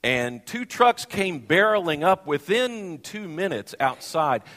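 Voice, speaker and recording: A male pastor telling a funny personal story in a sermon, animated and self-deprecating. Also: a little high, slow pace. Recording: long hall reverb.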